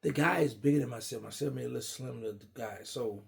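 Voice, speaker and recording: A middle-aged man casually telling a long personal story, animated and acting out what others said. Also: mid-range voice, fast, gravelly. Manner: animated, acts out quoted dialogue. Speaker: guest storyteller.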